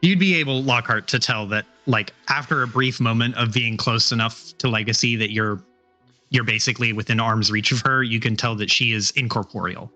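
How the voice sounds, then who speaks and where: A man's voice: mid-range voice, a little fast, sharp tone, soft background music. A man narrating as game master in a tabletop game, describing the scene in a matter-of-fact way.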